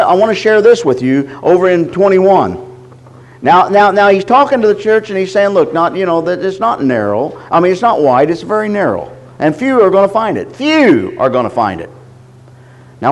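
A middle-aged man preaching a sermon, reading scripture slowly and deliberately, often stopping to repeat his words. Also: sits high, a little mellow, rough recording. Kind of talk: sermon teaching.

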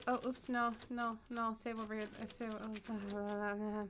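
Brief: young woman streamer, frightened horror-game commentary, bright tone, slightly higher pitch, faint hiss under the mic. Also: level tone, slow pace. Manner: scared, swearing, talking to herself. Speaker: gaming streamer.

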